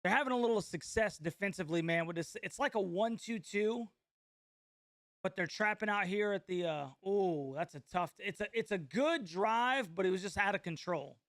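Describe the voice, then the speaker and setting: A young man from North Carolina hosting a live basketball watch party, reacting to the game in a casual, excitable way and reading viewer comments aloud. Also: high-pitched, moderate pace, dry recording, studio quality. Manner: excitable, slangy, chatty, reads chat aloud. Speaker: sports watch-party host.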